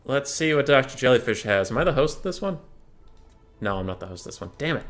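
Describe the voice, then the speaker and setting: A man's voice: mid-range voice, a little fast, a bit bright, faint music behind. A young man casting a strategy game tournament, chatty and joking as he thinks aloud about the matchups. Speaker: tournament caster. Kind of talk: casual game commentary.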